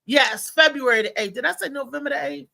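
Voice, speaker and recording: A woman's voice: high voice, a little fast, vocal fry. A woman hosting a live talk show, chatting casually and telling rambling stories with a lot of laughter. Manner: animated rambling storyteller, laughs often.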